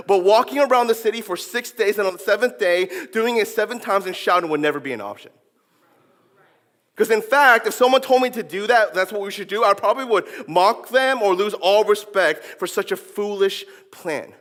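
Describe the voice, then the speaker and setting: A man's voice: high voice, a bit bright, big-room sound. A man preaching a sermon in a playful way, acting out the voices of his listeners and of biblical figures. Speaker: pastor. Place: church sanctuary.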